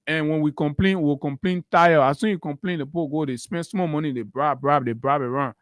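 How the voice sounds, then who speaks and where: A man's voice: a little high, brisk, dry recording, studio quality. A man with a Liberian accent giving heated, emphatic political commentary on a morning talk show, repeating phrases for force.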